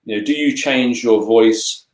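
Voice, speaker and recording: A man's voice: medium pitch, measured pace. Stammering man, roomy echo. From Britain. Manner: stammers, repeats words, many fillers. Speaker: co-host, English teacher. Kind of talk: casual webinar chat. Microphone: video call.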